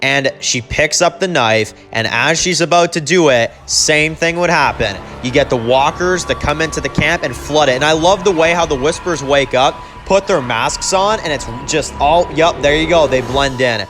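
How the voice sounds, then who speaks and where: A man's voice: fairly high pitch, moderate pace, hardly any pauses, fairly bright tone, soft background music. A man casually recapping and rewriting a TV episode, rambling with lots of "you know" and "like" fillers and reading character lines in his own plain voice. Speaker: TV episode reviewer.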